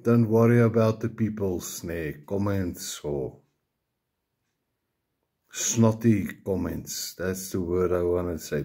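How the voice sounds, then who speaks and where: A South African man rambles through a casual video message at an unhurried pace. His voice is deep, dark and somewhat husky, and he tacks a tag onto nearly every sentence. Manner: rambling, repeats the tag "ne" often, swears casually. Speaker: video maker addressing a fellow YouTuber.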